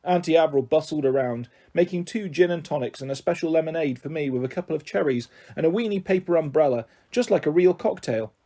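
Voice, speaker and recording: A man narrates a children's novel in a gentle, even storytelling manner. His voice sits a touch high. It has a soft, mellow tone. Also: fast talker, few pauses. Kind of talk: audiobook narration.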